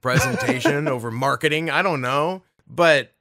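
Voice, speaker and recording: A man, a guest voice actor, telling a story in a casual interview, animated and swearing freely. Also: fairly high pitch, normal speed, no echo, studio quality.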